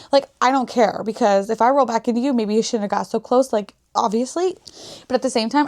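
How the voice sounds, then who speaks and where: Woman podcasting, blunt and sweary, kinda high voice. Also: darkish tone. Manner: blunt, swears freely, storytelling with quoted asides. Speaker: podcast host. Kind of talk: casual chat.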